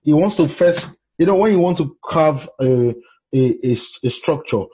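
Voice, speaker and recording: A Nigerian man with a very husky, deep-toned voice preaches in a conversational way, telling stories with frequent exclamations. His warm, mellow sound comes through a dull lo-fi recording. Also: expressive, moderate pace.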